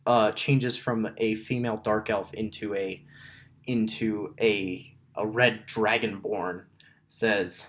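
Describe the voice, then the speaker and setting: Brief: male game master, slow, halting narration, mid pitch. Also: steady tone. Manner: halting, many restarts and ums. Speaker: dungeon master.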